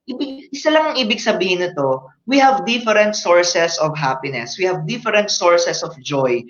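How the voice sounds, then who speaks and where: A man with a Filipino accent giving an online happiness workshop, earnestly explaining research and pausing with fillers. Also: sits high, expressive, a bit bright, reverberant. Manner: earnest, reads research aloud, frequent fillers. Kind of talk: online workshop talk mixing English and Tagalog. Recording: slightly dull lo-fi audio.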